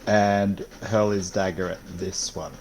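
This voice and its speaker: A man playing a tabletop game who asks questions and describes his moves in a relaxed way. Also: low-pitched, unhurried, slight background noise, poor audio. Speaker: player. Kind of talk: tabletop role-play chat.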